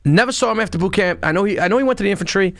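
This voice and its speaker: A man tells stories in a profane, animated way, his voice sitting a little high for a man. The sound is dry and close, with no room heard around him. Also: rapid-fire, no room sound. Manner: profane, animated storytelling with acted-out shouts. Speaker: podcast guest, former Marine and police officer. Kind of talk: casual storytelling.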